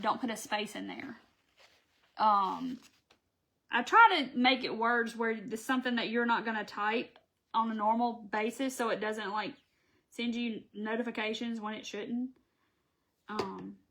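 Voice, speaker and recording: Bright, chatty woman crafting live. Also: fairly high pitch. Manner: chatty, folksy, talks to viewers as she works. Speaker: craft channel host.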